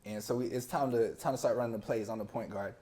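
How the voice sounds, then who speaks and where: Man, podcast guest, casual storytelling, slangy, animated, mid-range voice. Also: medium pitch, fast talker.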